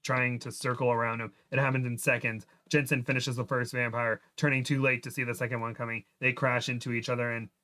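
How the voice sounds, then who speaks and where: A man's voice: mid-range voice, flat delivery, a little fast, few pauses, bright, forceful tone. A man reading a fan story aloud as a livestream guest, amused and reading with a loose, casual flow. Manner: amused, breaks into laughter while reading. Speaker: guest reader.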